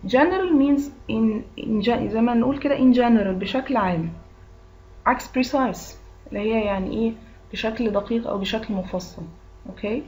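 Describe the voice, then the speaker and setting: A woman's voice: on the high side, darkish tone, slight background noise, poor audio. Egyptian woman teaching English, patient. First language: Arabic. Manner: patient, repeats answer options and glosses words in Arabic. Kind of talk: recorded English lesson.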